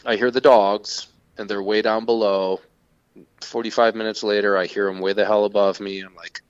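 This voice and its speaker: A man with a low voice tells a story in an animated, casual way and swears freely. The recording is dry, with no room sound, and its sound is dull and lo-fi. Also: moderate pace, no room sound. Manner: profane, animated retelling. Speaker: podcast co-host.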